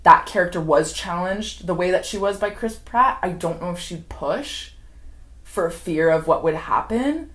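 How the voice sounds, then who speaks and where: A woman's voice: fairly low pitch, lively intonation, unhurried, a bit bright. A young adult woman giving an unscripted, chatty movie recap, full of "like" and laughter. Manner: chatty, heavy use of "like", acts out quoted characters, laughs often. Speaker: film commentary vlogger.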